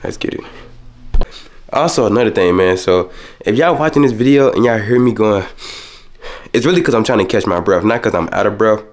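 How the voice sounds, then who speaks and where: A young man in his twenties vlogging casually to camera at home, talking fast and rushing his words in loose, slangy speech. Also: on the low side. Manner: loose, slangy, peppered with "you feel me". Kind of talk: casual vlog chat to camera.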